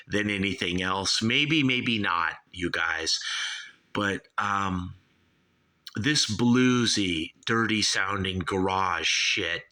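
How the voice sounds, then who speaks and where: Socal dude rambling about a record, slow and kinda low, bright edgy voice, says dude a lot. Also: male voice. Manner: slangy, rambling, keeps saying "you guys" and "dude". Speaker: album reviewer, show host. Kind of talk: casual album review monologue.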